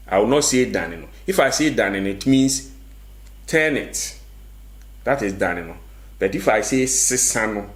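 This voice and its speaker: A man teaches a language lesson at a very unhurried pace. His voice sits fairly low, and he repeats each word patiently, often posing a question and answering it himself.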